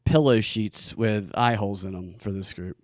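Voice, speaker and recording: A man's voice: lowish voice, normal speed, no echo, studio quality. A man hosting a comedy podcast, joking wryly and laughing often in casual chat. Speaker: podcast host.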